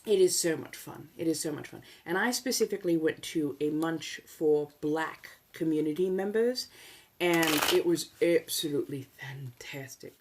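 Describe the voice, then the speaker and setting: A woman with a notably low voice, speaking in a put-on 1700s colonial American accent. She hosts an ASMR livestream in a soft-spoken, chatty way. Her delivery is teasing and playful, with frequent laughs. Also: normal speed.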